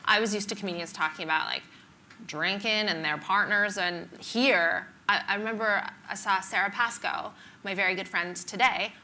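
A woman in her thirties from Canada with a Canadian accent softened by years in Britain, a stand-up comedian chatting wryly and self-deprecatingly in an onstage interview. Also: mid-range voice, slight background noise. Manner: chatty, wry, self-deprecating, quick asides. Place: conference stage before an audience.

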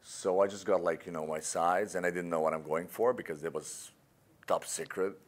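Man, Serbian accent, very deep voice, casual rambling interview talk, fillers. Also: steady tone, normal speed. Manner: rambling with many fillers, like and you know. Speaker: actor guest.

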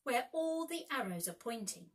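A woman voicing a boastful boy who never grows up, calling out loudly in a children's storybook reading. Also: on the high side, normal speed, distant mic, pitched above the performer's own voice. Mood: excited. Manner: loud, excited calls.

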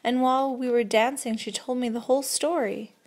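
A woman's voice: a little high, fairly even intonation, a little mellow, natural voice. A woman voicing a nervous, agitated young man who talks in blunt slang and mutters sourly. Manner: muttering, sour and hurried.

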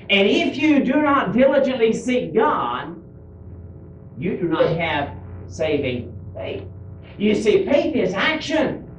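A man preaching a sermon, stretching out scripture quotes and dropping to a hush on key words. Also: extremely high pitch. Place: church sanctuary. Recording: echoey church from far off with faint hum, early 1990s tape.

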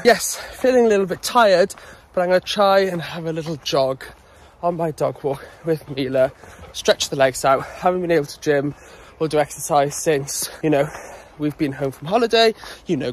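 A man rambles casually to his phone camera while out on a dog walk. He is a little out of breath from jogging, and his voice sits a touch high for a man. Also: a little hiss or hum. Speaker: vlogger. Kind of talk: casual vlog chat.

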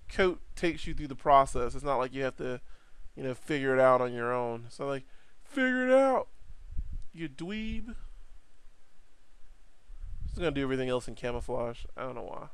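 A man giving a casual, rambling software tutorial over his screen, correcting himself and adding jokey asides. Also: mid-range voice, clean tone, no room sound.

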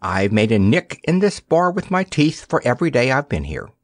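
A man's voice: mid-range voice, sing-song, moderate pace, dry recording, studio quality, lightly acted. A man voicing a proud, haughty little boy prisoner who speaks sternly and with dignity.

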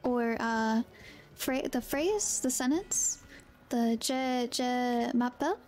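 Brief: high-pitched woman with a Southern US accent, unhurried, playful game streamer. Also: darkish tone. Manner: playful, giggly, musing aloud. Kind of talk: casual live-stream game commentary.

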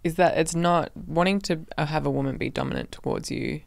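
A woman co-hosting a casual podcast chat, calm and thoughtful in her explanations. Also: low voice, fairly quick, vocal fry, no room sound. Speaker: co-host and partner.

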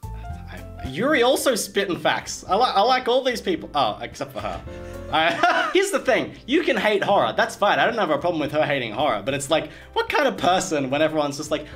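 A young man streaming a game, reacting with animated, sarcastic, slangy comments and frequent laughter. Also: on the high side, fairly quick, soft background music. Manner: laughs often. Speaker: gaming streamer. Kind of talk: let's play commentary.

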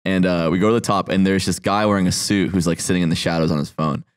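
A man's voice: low-pitched, steady tone, fast talker, clean tone. A man hosting a podcast, telling a story in casual chat, laughing and swearing as he goes. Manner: laughs through stories, swears often. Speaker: podcast host.

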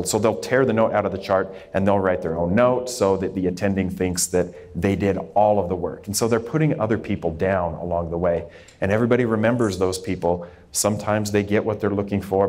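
Man, fairly deep voice, informal talk to students, reflective, some fillers and restarts. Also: darkish tone. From Idaho, USA. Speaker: dermatologist speaking to students.

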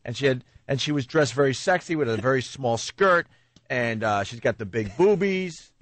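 A man hosts a radio talk show in a mid-pitched, everyday voice. He rambles casually through setups, padding them with fillers. The studio sound is close and dry. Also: animated, normal speed, fairly bright tone, dry recording. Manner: chatty, sets up clips with many fillers.

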